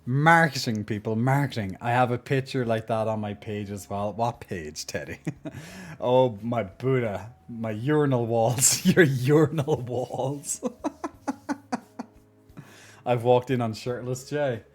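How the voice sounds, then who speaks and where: A man's voice: medium pitch, takes it slowly. A man streaming live and chatting casually, joking a lot, laughing often and restarting his sentences.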